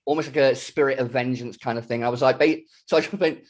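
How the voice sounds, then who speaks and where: A middle-aged British man co-hosting a podcast in casual chat, animated, laughing often and acting out quotes. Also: medium pitch, fast. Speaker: podcast co-host.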